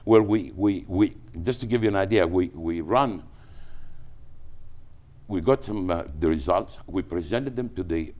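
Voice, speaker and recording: A man from Greece with a Greek accent, telling business anecdotes as a guest, animated and full of restarts. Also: deep voice, a little slow. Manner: animated, with frequent restarts and repetitions. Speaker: entrepreneur guest. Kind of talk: anecdotal storytelling.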